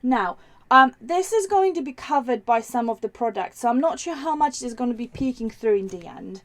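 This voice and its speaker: A woman's voice: fairly high pitch, expressive, moderate pace. A woman hosting a live craft demo, chatting in a rambling way with many ums and restarts, reading out viewer comments as she works. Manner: reads viewer comments aloud while working.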